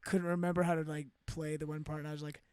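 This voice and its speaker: A man's voice: fairly high pitch, little pitch movement, fast talker, darkish tone, clear, resonant tone, dry recording, studio quality. A young man co-hosting a comedy podcast in laid-back casual chat, trailing off and laughing easily.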